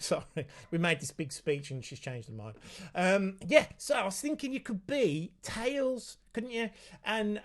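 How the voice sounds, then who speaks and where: A man hosting a casual live Q&A for parents at home, chatty and easygoing, breaking off to talk to his child. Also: sits high. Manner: chatty, reads out viewer comments, talks aside to his child. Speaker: autism specialist hosting a parent Q&A.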